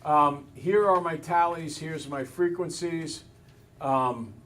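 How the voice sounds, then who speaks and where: A man teaching a math class, brisk and teasing, talking to students in a classroom. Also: fairly high pitch, fairly bright tone, far from the mic.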